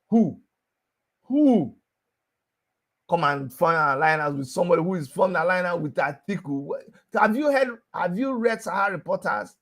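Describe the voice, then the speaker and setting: A man hosting a heated political talk show, pressing his point with rhetorical questions and hammering repetition. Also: sits high.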